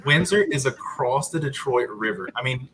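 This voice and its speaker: A man chatting as a guest on a live stream, animated and quick to react. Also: mid-range voice. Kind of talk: casual live-stream chat.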